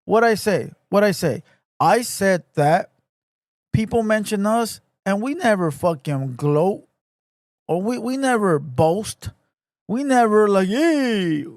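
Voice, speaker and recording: A man hosting a casual livestream podcast, talking in profane, slangy street talk full of shout-outs. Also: high-pitched, no room sound, clean studio sound. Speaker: podcast host.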